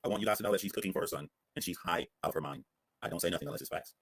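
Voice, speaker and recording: A very deep, gravelly man fires off reaction commentary at a rapid clip. He's confrontational and mocking, swearing freely. The sound is close and dry. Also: a bit bright, no echo. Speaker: commentary host.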